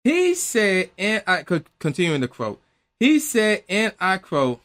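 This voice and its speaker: Bright, lively male vlogger, incredulous ranting commentary. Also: high-pitched, unhurried. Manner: exasperated, incredulous, swears freely.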